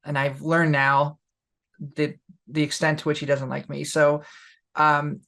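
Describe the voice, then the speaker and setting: Young woman, podcast co-host, gravelly and loose, candid storyteller full of fillers. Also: sits low, level tone, a little slow, a bit bright. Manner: candid, lots of fillers, laughs while telling. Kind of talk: casual storytelling.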